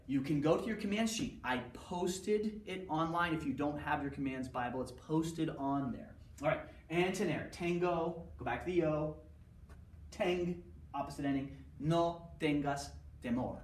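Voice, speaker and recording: A man teaching a Spanish grammar lesson, drilling rules with repeated steps and rhetorical questions. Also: a little high. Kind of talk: recorded class lecture. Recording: echoey room, mic at a distance.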